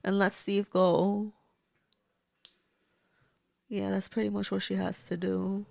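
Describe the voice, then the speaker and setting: Woman movie reviewer, gravelly low-fry voice, unhurried casual watch-along chatter, blunt and swears freely. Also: level tone, darkish tone, no room sound.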